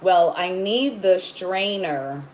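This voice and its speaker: A woman's voice: on the low side, animated, takes it slowly, a little mellow, slight background noise, low-quality recording. A woman hosting a casual livestream, rambling as she greets viewers by name and coos at her dog. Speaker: livestream host.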